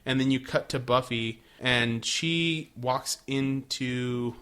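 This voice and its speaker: A man with a bright, forceful voice chats casually on a podcast. He recaps a show in a relaxed, profane way and slips into the characters' lines as he goes. His pitch sits in an ordinary middle range. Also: takes it slowly, smooth. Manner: laid-back, swears, acts out characters' lines. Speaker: podcast co-host.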